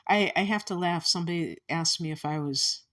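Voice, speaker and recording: A woman's voice: on the low side, fairly quick, fairly bright tone. A woman from the Chicago area with a Chicago accent, giving a casual astrology commentary in a meandering, musing way that often restarts thoughts. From Chicago area, USA.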